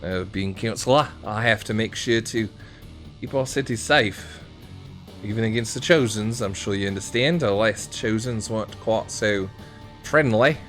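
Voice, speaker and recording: A man's voice: lowish voice, moderate pace, fairly bright tone, faint music behind, close to an everyday voice. A man voicing a formal portly sea councillor. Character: portly male Triton councillor, formal and cautious.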